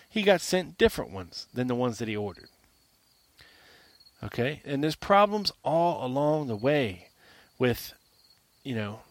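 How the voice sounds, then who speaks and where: A man hosting a solo podcast, pressing his point with emphatic repetition and rhetorical questions in a mid-pitched voice. The recording is dry and close, with no room echo. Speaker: podcast host. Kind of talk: argumentative solo monologue.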